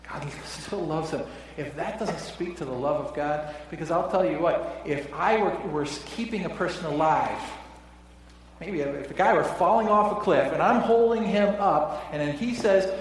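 A man preaching a sermon as pastor, conversational, often dropping his voice softly for emphasis. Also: a little high, lively intonation, normal speed, slight background noise. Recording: echoey church hall from far off.

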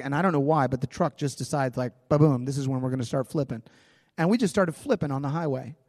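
Pastor guy telling a story from the pulpit, chatty and animated, close dry mic but big church reverb. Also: on the high side. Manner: conversational, animated storytelling with restarts. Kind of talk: sermon with personal story.

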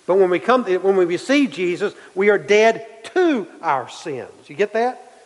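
A man's voice: sits high, sing-song, moderate pace, long reverb tail, rough recording. A man preaching a sermon, repeating his key points for emphasis and building in intensity. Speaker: pastor.

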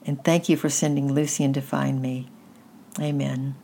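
A woman's voice: rumbling low, flat delivery, measured pace, vocal fry, dark tone, husky, exaggerated voice. A woman reading a frightened, cold little mountain girl in a small, shaky, pleading voice. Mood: prayerful.

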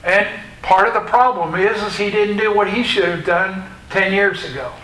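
A man preaching a sermon in a slow, deliberate way, pausing between phrases. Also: high-pitched, bright, forceful tone, rough recording. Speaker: pastor.

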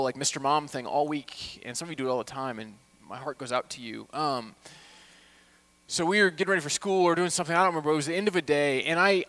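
Impassioned pastor, slightly high voice. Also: male voice. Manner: impassioned preaching, swinging from hushed to loud. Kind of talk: sermon.

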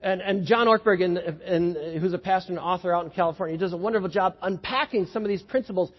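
A man preaching a sermon as a pastor, telling the story in an animated way that builds to excited peaks. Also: high voice, quick pace, slightly rough. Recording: dull lo-fi sound with long hall echo.

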